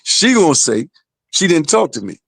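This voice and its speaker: A man's voice: a little high, big pitch swings, moderate pace, vocal fry, fairly bright tone, no room sound. A man, the father of a boxer, telling a story in blunt, profane casual podcast talk.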